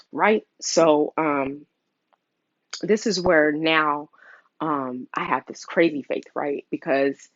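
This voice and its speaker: A woman's voice: deep voice, no echo, dull audio. A young woman in an earnest personal vlog, telling a custody story and getting emotional as she talks, with many fillers. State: emotional, near tears. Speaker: mother sharing a custody story.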